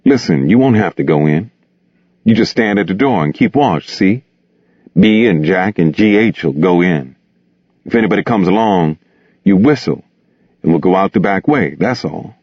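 A man's voice: sits low, animated, normal speed, no echo. A man reading the lines of a blunt, slangy young man who taunts and pushes his friends. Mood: persuading. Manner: blunt, slangy, clipped dialect. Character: young man, streetwise, restless and scornful. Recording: dull lo-fi dry recording.

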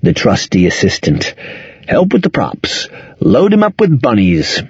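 A man's voice: on the low side, wildly swooping pitch, unhurried, a little mellow, slightly rough, no echo, muffled recording, exaggerated voice. A man voicing a cynical heavyset man with mild, thoughtful, sardonic banter in an audiobook.

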